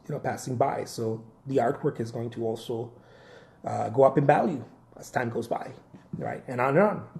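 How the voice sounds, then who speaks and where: A male artist talking straight to his viewers in a loose, unscripted pep talk. His voice sits at a middle pitch, and he repeats phrases, trails off and keeps checking in with "right?" and "you know?". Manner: animated, repeats phrases, asks "right?" often. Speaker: artist giving career advice. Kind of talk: casual motivational live talk.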